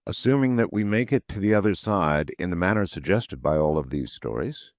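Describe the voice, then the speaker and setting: A man's voice: low voice, animated, a little fast, no room sound, studio quality. A man hosting a late-night call-in radio show, taking callers and musing aloud between calls. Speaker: radio talk show host.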